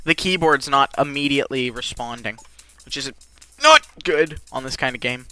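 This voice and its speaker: A let's play gamer giving live commentary who rages and swears, with sudden yells between low muttering. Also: moderate pace, no echo. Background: faint game music.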